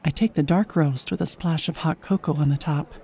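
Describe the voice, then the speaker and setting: A woman's voice: deep voice, a little fast, mellow. A woman narrating a first-person story in a chatty, wry, self-mocking way.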